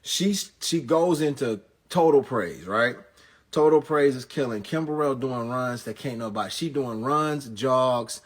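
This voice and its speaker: A pastor, recapping an event as a comedic story, full of quick jokes and asides. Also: male voice, mid-range voice, breathy edge. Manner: animated, jokey, rapid asides and punchlines.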